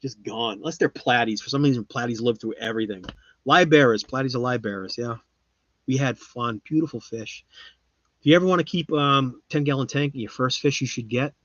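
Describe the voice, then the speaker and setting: A man hosting a live stream, chatting casually with viewers and rambling, his voice often trailing off quietly. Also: mid-range voice, normal speed, long pauses, no echo. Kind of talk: casual chat. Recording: slightly muffled lo-fi sound.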